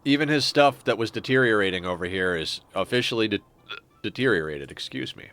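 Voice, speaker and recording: A man's voice: fairly low pitch, animated, fairly quick, fairly bright tone, clear, resonant tone. A man streaming a strategy game, thinking aloud in a rambling, casual way with frequent restarts. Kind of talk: casual gameplay commentary.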